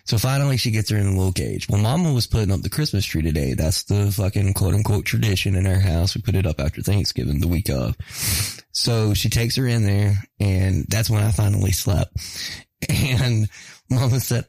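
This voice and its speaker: A man tells rough, profane stories in a gravelly, husky voice that swings up and down with lively energy. He talks in a casual podcast style and laughs through his own stories. The sound is close and dry. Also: lowish voice, moderate pace, dry recording. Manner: animated, swearing freely, laughing through stories. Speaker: podcast co-host.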